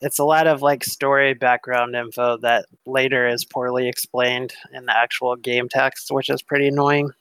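A man's voice: mid-range voice, level tone, normal speed, few pauses, a bit bright, smooth, dry recording, poor audio. A man running a tabletop game as game master, talking in a laid-back, casual way with some swearing.

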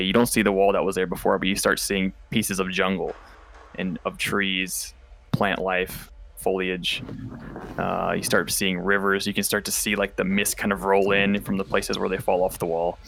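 A man's voice: low-pitched, vocal fry, a bit bright, no room sound. A man narrating a tabletop game as game master, describing scenes vividly with casual fillers.

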